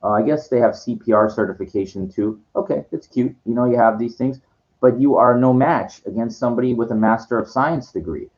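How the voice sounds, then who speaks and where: A man's voice: mid-range voice, fairly quick, darkish tone. A man ranting at a viewer in a condescending, lecturing way, stumbling and restarting his sentences. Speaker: vlogger answering viewer comments. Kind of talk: ranting monologue to camera. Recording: dull lo-fi sound.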